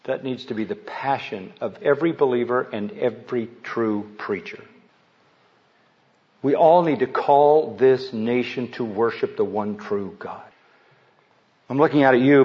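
Forceful preaching man, muffled recording. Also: medium pitch, moderate pace. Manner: forceful, rising to loud declamation when quoting scripture. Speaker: pastor. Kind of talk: sermon.

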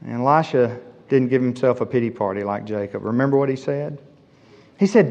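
A man's voice: mid-range voice, a little fast, warm tone. A man preaching a sermon, emphatic, repeating his key phrases for weight. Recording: dull lo-fi sound with long hall reverb.

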